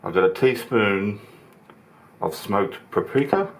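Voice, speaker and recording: A man with a very deep, low voice gives a casual cooking demonstration in his home kitchen. He chats easily and talks through each step as he works. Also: animated, takes it slowly. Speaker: home cooking channel host.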